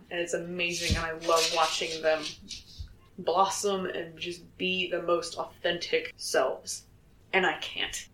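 A man's voice: a little high, a bit bright. Earnest young man, echoey room. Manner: earnest, swears freely, laughs between thoughts. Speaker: soldier. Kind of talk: candid personal vlog. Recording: roomy echo.

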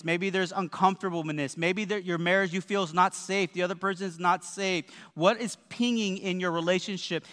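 A man in his thirties preaching a lively, joking sermon with frequent asides to the congregation. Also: sits high. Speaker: pastor. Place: church sanctuary. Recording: long hall reverb.

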